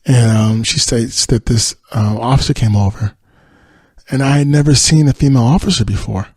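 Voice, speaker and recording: Man, podcast host, husky voice, dry close sound, rambling casual recap. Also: medium pitch, moderate pace, a little mellow, no room sound. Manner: rambling retelling with many fillers.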